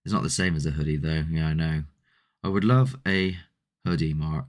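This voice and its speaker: A man's voice: extremely low pitch, normal speed. A man hosting a paranormal channel, rambling and chatty as he answers viewer comments in a casual live stream.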